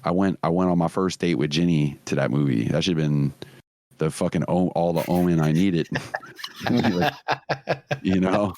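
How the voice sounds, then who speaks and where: A man's voice: sits low, normal speed, dark tone. A man co-hosting a podcast, chatting casually, swearing often and laughing as he rambles. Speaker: podcast co-host. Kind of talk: casual chat.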